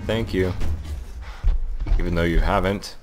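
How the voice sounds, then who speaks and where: A young man giving let's-play commentary, thinking aloud and reacting excitedly as he plays. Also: deep voice, unhurried, music in the background. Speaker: gaming channel host.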